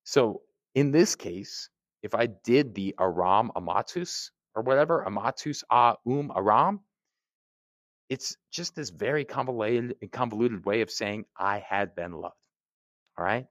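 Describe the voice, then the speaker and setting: A man, teaching a Latin grammar lesson in a relaxed, chatty way, with drawls and restarts. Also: medium pitch, a little slow, no echo, studio quality.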